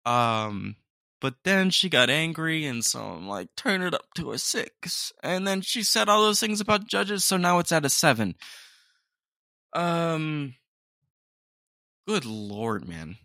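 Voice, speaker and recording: Female podcast host, playful reactor, bright and dry close sound. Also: low-pitched, very animated, takes it slowly, long pauses, dry recording. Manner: playful, reacting with laughs and "dude". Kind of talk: casual commentary on clips.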